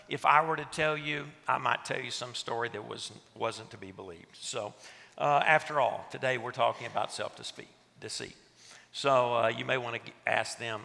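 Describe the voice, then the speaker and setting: A man's voice: mid-range voice, vocal fry, sharp tone. A middle-aged man from West Texas with a nasal twang, teaching a church conference audience with self-deprecating jokes. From West Texas, USA. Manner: self-deprecating, joking storyteller. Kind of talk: teaching talk to a seated audience. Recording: long reverb of a large room.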